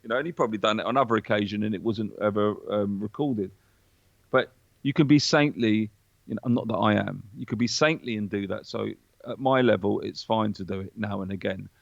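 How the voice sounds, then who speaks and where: A man, a podcast guest in casual chat, talking in an animated, preachy way with plenty of swearing. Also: on the low side, fairly quick, vocal fry, no echo, muffled recording.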